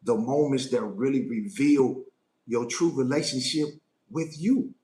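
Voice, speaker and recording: A man's voice: medium pitch, a little slow, dark tone, roomy sound. A man, giving a live motivational Q&A talk as a life coach, emphatic and often asking "right?". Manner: emphatic, repeats phrases and asks "right?" often.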